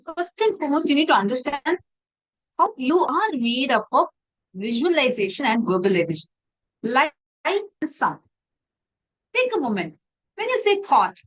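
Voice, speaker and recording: A woman leading an online spiritual class, asking her listeners questions and telling a story in an animated way. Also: high-pitched, rough recording. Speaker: spiritual teacher.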